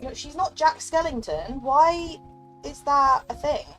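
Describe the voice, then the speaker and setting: A woman's voice: high-pitched, measured pace, fairly bright tone, soft background music. A young woman streaming a game, chatting casually and emotionally with her viewers, giggling and thanking them often. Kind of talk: casual live-stream chat.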